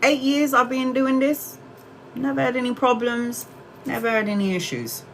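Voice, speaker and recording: A woman's voice: fairly high pitch, moderate pace, slight background noise, low-quality recording. A middle-aged woman hosting a tarot livestream, telling a story to her viewers in a candid, chatty way and swearing casually. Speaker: tarot reader livestream host.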